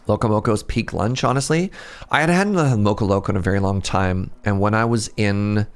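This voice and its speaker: A man's voice: on the low side, fairly quick, clear, resonant tone. A man with a Pacific Northwest Canadian accent, chatting casually and rambling as he answers viewer questions while playing a game on a live stream.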